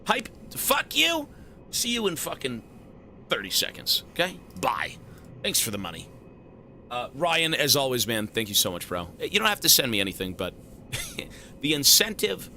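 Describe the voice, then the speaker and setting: A man live-streaming a game who thanks his viewers with loud, swearing, joking banter. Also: mid-range voice, very animated, moderate pace, slight background noise. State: has a headache.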